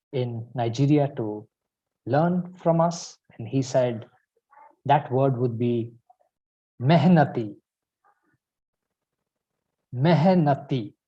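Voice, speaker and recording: A man hosting a speaking club meeting, speaking in a measured, drawn-out way and coaxing people to repeat a word. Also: mid-range voice, warm tone, dull audio. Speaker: meeting host.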